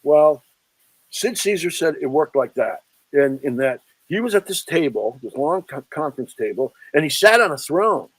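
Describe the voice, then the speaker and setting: A man's voice: moderate pace, husky, dry recording, low-quality recording. A man, an author and film historian, telling anecdotes as an interview guest, quoting people as he goes. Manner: chatty, animated storyteller who quotes people in lowered voices.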